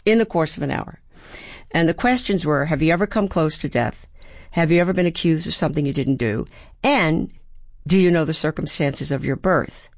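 A woman's voice: sits low, moderate pace, no echo, studio quality. A woman in her seventies from Baltimore, an actor and playwright, speaking thoughtfully as an interview guest and acting out the voices she quotes. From Baltimore, USA. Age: 70s. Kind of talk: reflective interview storytelling.

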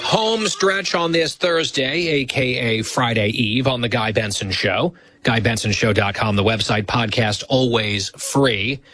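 A man hosting a radio talk show, teasing his co-host in casual banter with dry, deadpan ribbing. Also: mid-range voice, unhurried, slight background noise.

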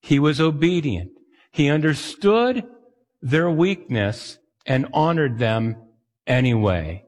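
A man's voice: a little high, sing-song, slow pace. Guy pastor giving a chatty sermon, big hall echo behind him. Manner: conversational, asks the audience questions. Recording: long hall reverb.

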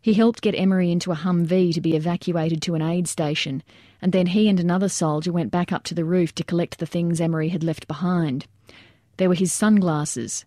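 A woman reading a scripted nonfiction account in a measured, plain storytelling manner. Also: lowish voice, fairly even intonation, mellow, no room sound, studio quality. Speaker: narrator.

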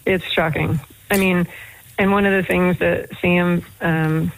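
A woman's voice: lowish voice, measured pace, gravelly, poor audio. A woman from Boston with an American accent, a guest professor chatting in a radio interview and telling stories with lots of fillers. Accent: American, Boston area. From Boston, United States. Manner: chatty, animated storyteller with many fillers.

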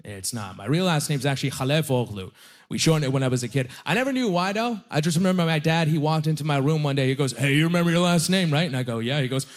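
Young male stand-up comic, casual and self-mocking, fairly high voice. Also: animated, quick pace. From Halifax, Nova Scotia, Canada. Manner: conversational, self-deprecating, lots of likes and you-knows. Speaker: stand-up comedian. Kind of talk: stand-up comedy set. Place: comedy club stage with a live audience.

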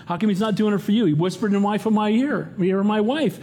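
A man's voice: sits high, fast talker, dark tone, pitched above the performer's own voice. A man preaching voices the enemy as a mocking male spirit asking goading questions. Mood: taunting.

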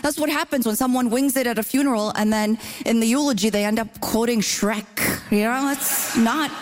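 A woman's voice: fairly high pitch, moderate pace. A woman from Ontario, a comedian bantering on a panel, talking in a chatty way. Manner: conversational, says "you know" often.

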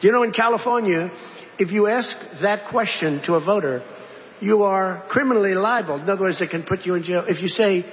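High-voiced man rambling in a hall. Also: a little fast, a little hiss or hum. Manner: digressive, repetitive, conversational asides. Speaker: politician. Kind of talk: rambling political speech. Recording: reverberant hall, dull lo-fi sound.

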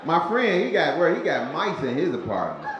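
A man's voice: on the high side, huge pitch swings, fairly quick, lo-fi sound. A man performing stand-up on a comedy club stage, with a laid-back, punchy delivery and talk aimed at the crowd. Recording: very echoey live venue with crowd noise.

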